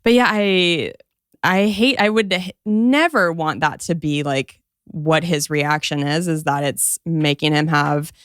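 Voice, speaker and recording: Low-voiced woman comedian guest. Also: fairly bright tone, clean tone, no echo, studio quality. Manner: agreeable, lots of quick affirmations. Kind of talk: casual chat.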